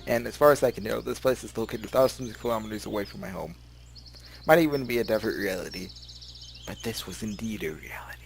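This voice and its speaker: In his bedroom, a let's play gamer reads a visual novel's text aloud and rambles about it casually, giggling and often stumbling over his words. His voice sits on the low side and is creaky, he talks fast, and soft music plays in the background.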